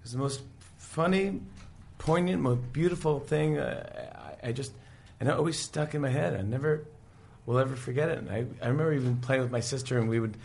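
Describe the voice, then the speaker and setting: A man casually retelling a story, animated, often breaking into quoted voices, with faint room sound. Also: medium pitch, a little fast, vocal fry, hardly any pauses. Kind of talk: casual chat.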